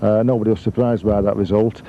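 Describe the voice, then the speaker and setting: A man, a club official, giving a measured, earnest view of the game with many pauses. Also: on the low side, flat delivery, warm tone. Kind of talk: casual interview. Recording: muffled lo-fi recording with faint noise.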